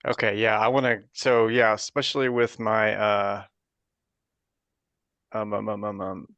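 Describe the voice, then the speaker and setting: A man's voice: on the low side, flat delivery, a little slow, fairly bright tone, smooth, dry recording, muffled recording. A man playing a tabletop role-playing game, talking casually and hesitantly with many fillers. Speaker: player.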